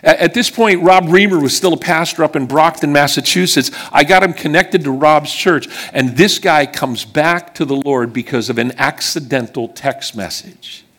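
A man preaching a sermon to a congregation and telling personal stories, earnest and emphatic, often dropping low and quiet on key words. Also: normal speed, few pauses. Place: church service before a congregation.

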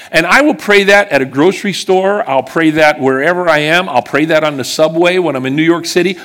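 Guy preaching a sermon, kinda high voice, earnest, gets quiet and low to land a point. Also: a little fast. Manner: earnest and emphatic, drops low and quiet on key words. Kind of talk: sermon with personal stories. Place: church service before a congregation.

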